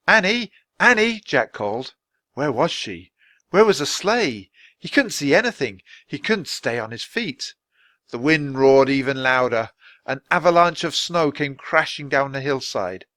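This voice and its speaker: A man reading a children's book aloud for language learners, clearly and expressively. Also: mid-range voice, a bit bright, no echo. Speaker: storyteller.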